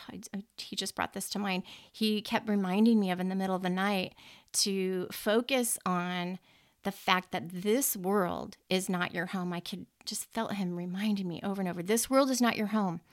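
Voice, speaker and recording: A middle-aged woman hosts a podcast and talks earnestly about her faith. She rambles a little, restarts her sentences and laughs softly now and then. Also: medium pitch. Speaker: podcast host. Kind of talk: personal faith talk.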